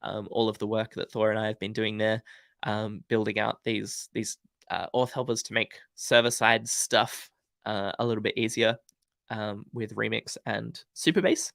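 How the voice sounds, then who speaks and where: A man's voice: on the low side, flat delivery, normal speed, vocal fry, a bit bright, no room sound. A young adult man hosting a casual livestream, chatty and upbeat with lots of ums and uhs, his voice sounding sick. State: sick, congested voice. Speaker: livestream host.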